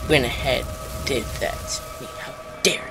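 A young man giving casual, rambling commentary on a shooter game, mocking himself and loudly taunting the enemies. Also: mid-range voice, normal speed, vocal fry. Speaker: gaming YouTuber. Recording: game music playing behind the voice.

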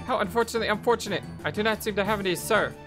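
A man's voice: sits high, racing, pitched above the performer's own voice, close to an everyday voice. Man doing a pompous, fussy soldier lackey. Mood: fawning. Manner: pompous, wordy, fawning. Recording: music playing behind voice.

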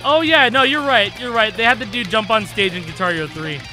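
A young man giving casual gameplay commentary, excitable, laughing often and swearing, breaking into shrieks when something amuses him. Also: high-pitched, brisk, over music. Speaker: gaming YouTuber.

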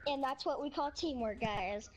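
A young woman talks excitedly over a gaming voice call in a high voice. She chats quickly with her teammates and swears casually. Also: slight background noise. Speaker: gamer on voice chat.

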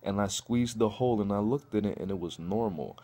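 Telling a crude story from his own life, a young Chicago man vlogs a profane, animated rant, acting out other people's quotes. He speaks fairly quickly in a voice on the low side.

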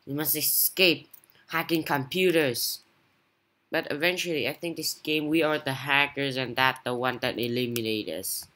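A woman YouTuber giving casual gameplay commentary, excitable and quick to blurt out exclamations. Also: rumbling low. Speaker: gaming YouTuber.

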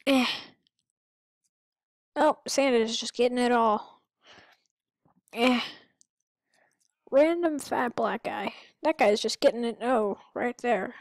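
A woman giving goofy, rambling let's-play commentary with sudden excited outbursts. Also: a little high, slow pace, pauses often, dry recording. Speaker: gamer.

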